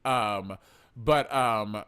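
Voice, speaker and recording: A man co-hosting a podcast in casual chat, blunt, profane and excitable. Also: fairly low pitch, extremely slow, clear, resonant tone. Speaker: podcast co-host.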